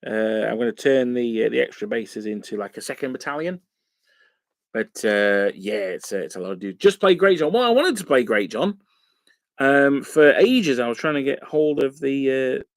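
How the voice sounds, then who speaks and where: Chatty man with a gravelly voice. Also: mid-range voice, lively intonation, normal speed, no room sound. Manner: rambling and chatty, many fillers. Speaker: wargaming channel host. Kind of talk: casual live-stream chat while painting miniatures.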